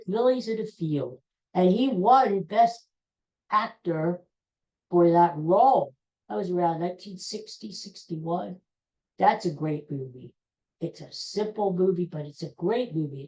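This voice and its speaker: Lady podcaster just rambling along, mellow low-ish voice, trips over names. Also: rough recording. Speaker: podcast host. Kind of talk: casual solo chat.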